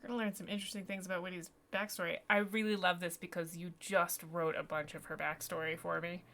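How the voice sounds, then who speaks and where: A woman's voice: lowish voice, flat delivery, quick pace, sharp tone. A woman game master in casual tabletop talk, thinking aloud with many fillers.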